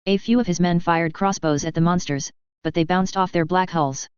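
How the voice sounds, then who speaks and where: A woman reading fan fiction aloud in a steady, plain storytelling manner, on a dull lo-fi recording. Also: on the low side, normal speed, clean tone, dry recording. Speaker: reader.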